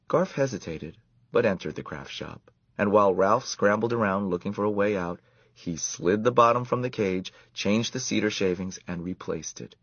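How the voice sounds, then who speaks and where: A man reading a children's story aloud in an expressive, measured way. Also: lowish voice, no echo, lo-fi sound.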